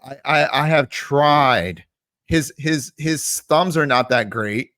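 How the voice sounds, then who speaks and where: A male crypto vlogger rants to camera, blunt and foul-mouthed, with a mocking edge. His voice is mid-pitched and very dry, close to the mic with no room sound. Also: slow, no echo. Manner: blunt, profane, mocking, animated rant. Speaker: crypto video host. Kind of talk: casual ranting commentary to camera.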